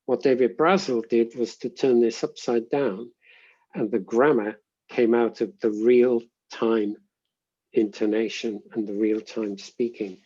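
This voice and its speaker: A man, a linguistics professor, giving measured, reflective answers in an interview and often pausing to rephrase. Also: mid-range voice, steady tone, dark tone, slightly rough, dull audio.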